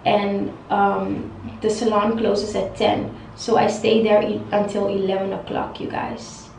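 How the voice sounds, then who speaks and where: A woman's voice: medium pitch, level tone, unhurried, gravelly, a little mellow, recorded from a distance, a little hiss or hum. A young woman venting to camera as a hair vlogger, frustrated and repetitive, swearing freely. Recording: roomy echo, voice a bit off-mic.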